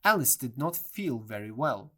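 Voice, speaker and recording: A narrator reading a children's storybook audiobook in a plain, measured way. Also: mid-range voice, big pitch swings, fairly bright tone.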